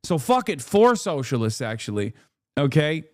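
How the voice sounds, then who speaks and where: A man's voice: fairly high pitch, sing-song, normal speed, dry recording, studio quality. A male live streamer giving casual reaction commentary, profane, mocking and sarcastic.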